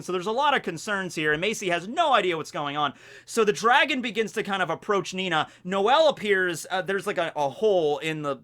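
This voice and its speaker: A young man hosting a video, casually recapping a manga chapter in an animated, rambling way. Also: fairly high pitch. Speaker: video host reviewing a manga. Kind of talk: casual chat.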